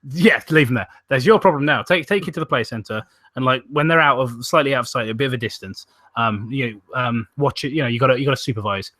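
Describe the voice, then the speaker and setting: A man's voice: mid-range voice, fast, bright, forceful tone, dry recording. A man hosting a live stream, reading a story aloud and swearing and joking between lines. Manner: swearing, joking, often laughing. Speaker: stream host. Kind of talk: casual crude banter and reading aloud.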